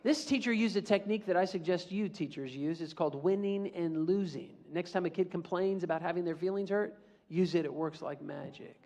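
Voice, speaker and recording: A middle-aged man, a motivational speaker, giving an animated school assembly talk and leading the audience in call-and-response. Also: sits high, a little fast.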